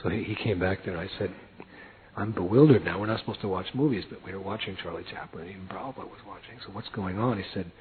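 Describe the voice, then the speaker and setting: A man's voice: sits low, fast. Older guy telling a funny story, laughing, acting out voices, sounds like it's over a phone line. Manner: animated, laughing, acts out voices and chanting. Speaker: devotee recounting a personal story. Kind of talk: anecdotal storytelling talk. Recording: tinny phone-like lo-fi audio.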